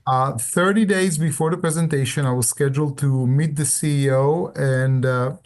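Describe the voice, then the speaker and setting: A man's voice: a little high, normal speed. An older man, a guest author on a video call, telling stories animatedly and acting out the dialogue. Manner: animated storyteller, acts out dialogue. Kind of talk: storytelling interview answers.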